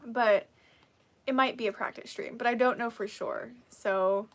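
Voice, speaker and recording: A woman's voice: on the high side, steady tone, measured pace. A woman hosting a casual live stream who reads out viewer comments, encouraging and laughing often, sleepy and yawning.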